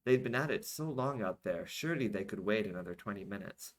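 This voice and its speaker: A man's voice: fairly low pitch, expressive, fairly quick, rough recording. Tired man reading his own novel aloud. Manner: reads with asides and small self-corrections. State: tired from being up all night. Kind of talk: audiobook-style reading of a serialized novel.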